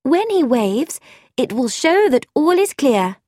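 A woman reading a storybook, voicing a daring, playful young woman in a higher, eager voice. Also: big pitch swings, a little slow, a little mellow, no echo, studio quality, full character voice.

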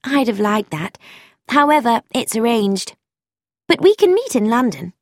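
Woman narrator as a brisk, teasing society girl; firm, lively delivery, dry close sound. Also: fairly high pitch, no echo, pitched above the performer's own voice, heavily acted. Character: confident upper-class young woman, teasing.

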